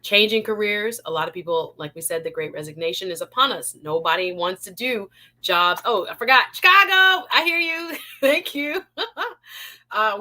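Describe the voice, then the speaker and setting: Woman, jamaican accent, live show host, bright voice, playful, laughs a lot. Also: medium pitch. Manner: lively and playful, laughs often, shout-outs to chat. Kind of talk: live-stream chat, greeting viewers.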